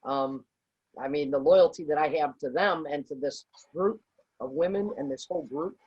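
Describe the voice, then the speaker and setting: A middle-aged woman with a husky, breathy voice answers interview questions. She talks earnestly and rambles, restarting her sentences and filling pauses with "um" and "you know". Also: low-pitched, a little mellow, highs cut off. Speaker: business owner interviewed as guest. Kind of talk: conversational interview.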